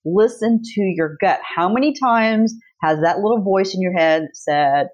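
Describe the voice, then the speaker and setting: A woman's voice: mid-range voice, a little slow, hardly any pauses, darkish tone, lo-fi sound. A woman author, a podcast guest, telling stories in a casual chat, blunt and swearing freely. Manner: brash storyteller, blunt and swearing.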